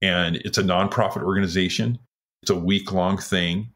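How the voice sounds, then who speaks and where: A deep, steady, slightly bright voice at normal speed belongs to a retired firefighter in his sixties from Washington State. He earnestly relates his story in an interview, acting out the words of the people in it.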